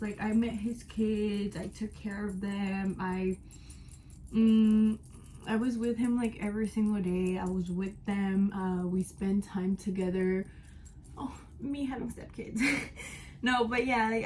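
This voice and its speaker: A woman's voice: medium pitch, mellow, slight background noise, poor audio. A woman in her twenties chatting frankly to camera as she gets ready, telling her story with emphatic, casual talk. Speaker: vlogger. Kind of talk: candid life-update storytelling. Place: at home while getting ready.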